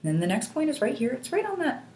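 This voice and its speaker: A woman instructor calmly guiding listeners step by step through a tapping technique, asking them to repeat after her. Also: high voice, fast talker, a little hiss or hum. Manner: calm, patient step-by-step guidance. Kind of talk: guided instructional demonstration. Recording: echoey room.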